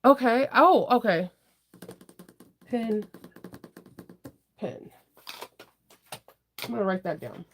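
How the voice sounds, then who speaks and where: A woman's voice: a little high, expressive, slow pace, long pauses, a little hiss or hum. A young adult woman hosting a casual sewing livestream, chatting with viewers in a rambling way and laughing often. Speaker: livestream host, sewing shop owner.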